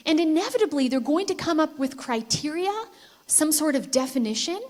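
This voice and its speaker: A woman with a bright, high voice speaks to a conference audience. She tells a story to make her point and asks the listeners questions as she goes. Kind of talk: persuasive talk with storytelling. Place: conference hall with live audience.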